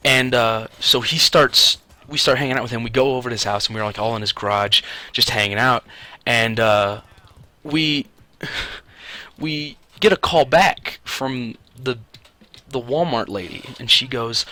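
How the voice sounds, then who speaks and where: A man's voice: mid-range voice, unhurried, sharp tone. A young man telling a prank story casually, rambling with fillers and restarts and often laughing.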